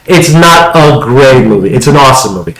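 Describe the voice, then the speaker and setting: A man's voice: mid-range voice, expressive, a little fast, a crowd in the background. A man co-hosting a podcast, chatting casually and enthusiastically, rambling with restarts. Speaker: podcast co-host. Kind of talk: casual chat. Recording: echoey room.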